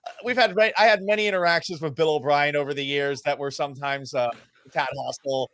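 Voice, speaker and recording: A man's voice: on the high side, quick pace, smooth, no room sound. Profane, self-mocking sports radio man. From Massachusetts. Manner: self-deprecating, profane, animated anecdotes. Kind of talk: casual storytelling in a podcast interview.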